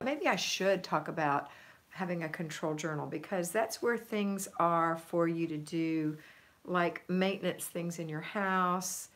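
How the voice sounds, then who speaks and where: A woman's voice: on the low side, a bit bright. A woman hosting a casual live stream from home, chatting and reading viewer comments aloud. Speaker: livestream host.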